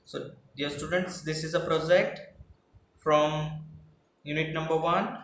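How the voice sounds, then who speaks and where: A man's voice: fairly high pitch, fairly even intonation, slow, fairly bright tone. A male teacher, patiently explaining class projects and rephrasing each point. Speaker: English teacher. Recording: echoey room with faint noise.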